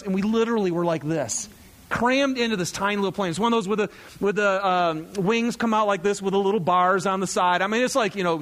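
Pastor guy in his 30s, kinda high voice, telling a story all animated and chatty from the pulpit. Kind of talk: storytelling sermon to a congregation.

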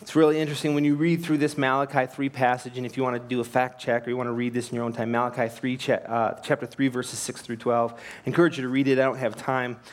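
A man's voice: medium pitch, little pitch movement, fast talker, few pauses. A man preaching a sermon, earnest and emphatic, asking rhetorical questions and telling anecdotes. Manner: tells anecdotes with light laughs. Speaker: pastor.

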